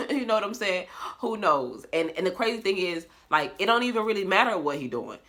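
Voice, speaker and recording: In her bedroom at home, a young woman vlogger talks straight into her phone camera for a casual confessional vlog. Her mid-range voice is bright and clear at a moderate pace, and her candid, expressive, loose talk mixes in swearing and laughter.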